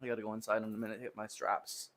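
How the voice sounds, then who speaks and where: A man's voice: fairly low pitch, little pitch movement, rapid-fire, a bit bright. A man chats casually on a live stream while he trains in a home gym. He teases a viewer in a joking way, laughing and sighing between lifts as he catches his breath. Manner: joking, teasing banter with a viewer, laughs and sighs. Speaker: fitness streamer.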